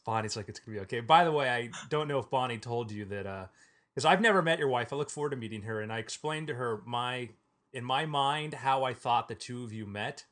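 A male podcast host riffs through silly hypothetical stories and laughs at his own jokes. His voice sits in an ordinary middle pitch. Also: brisk, a bit bright. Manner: laughs often while telling absurd stories. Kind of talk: joking improvised banter.

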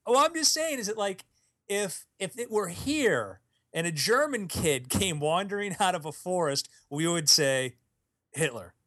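Male podcast co-host, fairly high voice, wisecracking, dry room. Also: animated, a bit bright, no echo. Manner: joking, quick quips. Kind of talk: casual chat.

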